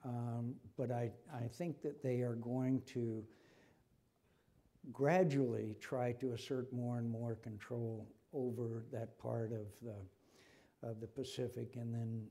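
Impassioned older American man, dark tone. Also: mid-range voice, flat delivery, takes it slowly. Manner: impassioned, repeats himself when stirred. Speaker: senator being interviewed. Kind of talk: public forum conversation. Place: lecture forum before an audience.

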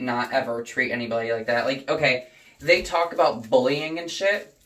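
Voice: medium pitch, moderate pace, recorded from a distance. A young adult vlogger talking casually and swearing heavily, ranting heatedly at home while dyeing their hair. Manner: profane, heated and animated ranting. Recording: roomy echo, voice away from the mic.

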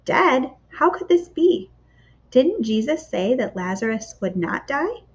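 A woman's voice: high-pitched, very animated, unhurried, slightly rough, pitched above the performer's own voice, exaggerated voice. A woman reading as puzzled, dismayed disciples. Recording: slightly dull lo-fi recording.

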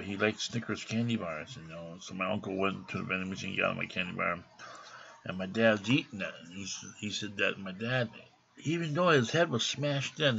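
Gravelly, rambling man telling a story. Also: lowish voice, fairly bright tone. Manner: rambling, profane, indignant. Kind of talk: casual personal story. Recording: dull lo-fi recording.

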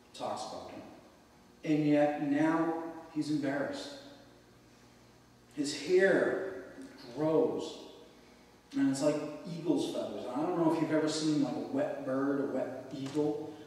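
A man's voice: medium pitch, darkish tone, slight background noise. A man preaching a sermon as pastor, reading scripture aloud and then explaining it in loose conversational asides. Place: church sanctuary. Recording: echoey church hall, mic at a distance.

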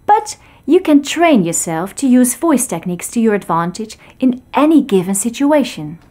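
A woman voice trainer narrating an online speech course in a clear, demonstrative instructor manner, over light background music. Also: a little high, big pitch swings, moderate pace, dark tone.

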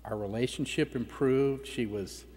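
A man's voice: medium pitch, unhurried, darkish tone, breathy edge. A middle-aged man giving a personal testimony at a conference, telling a family story in a conversational way. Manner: conversational, acts out family dialogue. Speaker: conference speaker. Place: conference hall. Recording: reverberant hall with faint background noise.

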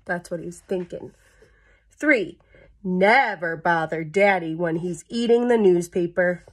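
Woman, storytime read-aloud, unhurried, husky airy tone, playful asides to kids. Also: lowish voice. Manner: chats to young listeners between pages; playful sound effects. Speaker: storyteller reading a picture book aloud.

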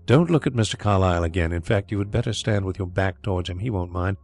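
A man voicing a calm, dryly ironic gentleman detective in an audiobook, speaking in a measured way. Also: sits low, faint music behind.

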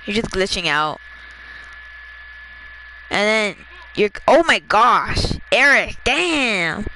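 Bright, excitable gamer chatting mid-match. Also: mid-range voice, a little hiss or hum, poor audio. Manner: excitable, chatty, laughs often; coaches teammate with quick instructions. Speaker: gamer playing with a friend. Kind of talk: casual gameplay chat.

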